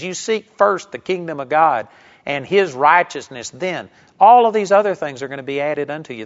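A man's voice: on the high side, fairly bright tone, highs cut off. A man preaching a sermon for radio with an emphatic, repetitive cadence.

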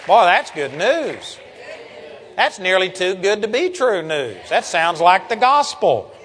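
A man's voice: sits high, sing-song, slow, fairly bright tone, long reverb tail, a faint crowd, slight background noise. An older man preaching a sermon in an earnest, folksy way, reading Bible verses aloud.

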